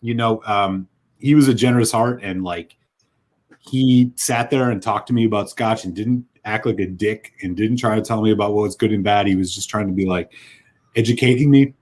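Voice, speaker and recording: A man's voice: lowish voice, moderate pace, darkish tone. A man co-hosting a casual whisky chat, telling a heartfelt, rambling story with lots of fillers. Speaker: whisky podcast co-host.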